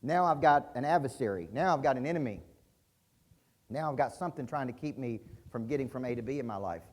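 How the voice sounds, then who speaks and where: A man's voice: medium pitch, animated, fast talker. A middle-aged man giving an intense, punchy business-coaching keynote at a conference, often quizzing his audience. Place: conference hall stage.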